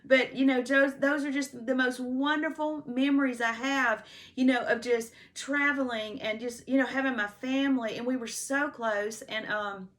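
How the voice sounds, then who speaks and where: A woman's voice: high-pitched, steady tone, moderate pace, few pauses, a bit bright. Chatty fifties woman, rambling storyteller. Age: 50s. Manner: rambling, heavy use of "you know" and restarts; checks written notes between stories. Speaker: personal storyteller. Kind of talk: casual life-story monologue.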